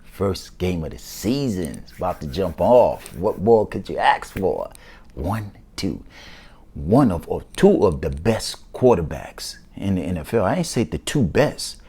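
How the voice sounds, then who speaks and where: A man hosting his own football talk show, excited and slangy in a casual commentary style. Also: deep voice, measured pace, slightly rough.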